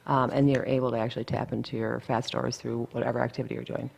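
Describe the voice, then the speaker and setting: A woman's voice: rumbling low, flat delivery, fast, vocal fry, darkish tone, slightly rough. A woman dietitian talking casually in an interview, blunt and chatty, full of asides.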